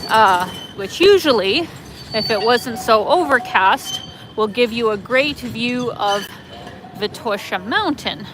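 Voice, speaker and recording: A woman's voice: mid-range voice, fairly bright tone, a little hiss or hum, rough recording. Chatty woman giving a street tour. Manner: chatty, enthusiastic, addressing viewers directly. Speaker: travel vlogger. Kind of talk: live walking tour. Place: outdoors on a city street.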